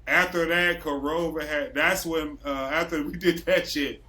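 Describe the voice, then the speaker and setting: Guy from wisconsin, bright edgy voice, kinda high, animated storytelling w/ swearing. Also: normal speed. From Racine, Wisconsin, US. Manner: animated storyteller, acts out quotes, swears freely. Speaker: podcast host. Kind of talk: casual storytelling chat.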